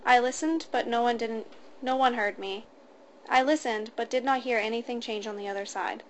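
A woman reads a first-person story aloud in a steady, matter-of-fact way. Her voice sits somewhat high, with a light hum of ambience behind it. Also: moderate pace. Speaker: narrator.

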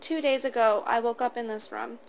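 A woman's voice: on the high side, fairly even intonation, moderate pace, vocal fry, highs cut off, a little hiss or hum. A woman voicing a frightened young woman who stutters tearfully while reading out a statement in a story. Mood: frightened, resigned.

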